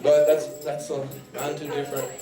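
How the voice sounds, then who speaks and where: A man's voice: fairly high pitch, monotone, moderate pace, over music. Cowboy standup man, rambling and folksy, mid-range voice, recorded live in an echoey bar from a distance. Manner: folksy cowboy drawl, rambling, breaks into silly singing. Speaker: standup comedian. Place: bar and grill with live audience. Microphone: handheld mic.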